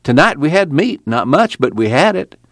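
A man's voice: a little high, big pitch swings, normal speed, fairly bright tone, no echo, voice pushed up, heavily acted. Plainspoken young farmhand, voiced by a man, rural drawl, tired, dry sound. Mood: defensive.

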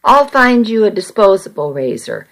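A woman reading the lines of a grown man, a boyfriend who is moody at first and then tender, in a flat, unhurried way. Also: mid-range voice, gravelly. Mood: irritated.

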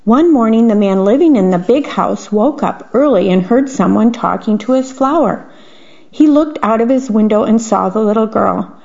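A woman reads picture books aloud in a gentle way, stopping to talk about the pictures. Her voice sits a little high with a gravelly fry, and the recording sounds dull and lo-fi. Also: expressive, moderate pace. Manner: gentle, adds her own picture comments. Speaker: storyteller.

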